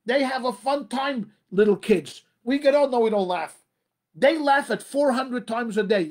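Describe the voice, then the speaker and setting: High-voiced, emphatic man giving a talk. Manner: emphatic, repeats phrases, addresses the audience as ladies and gentlemen. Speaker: rabbi giving a talk on marriage. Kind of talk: motivational talk.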